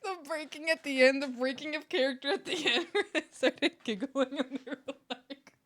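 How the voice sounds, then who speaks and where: A woman's voice: sits high, moderate pace, a bit bright, dry recording. A woman streamer chatting casually while she reacts to videos, giggling and swearing freely.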